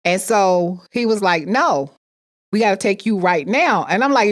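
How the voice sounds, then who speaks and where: A woman's voice: medium pitch, expressive, moderate pace, fairly bright tone. A woman telling a personal story with emphatic repetition, acting out the people she quotes. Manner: emphatic, repeats phrases, acts out quoted voices.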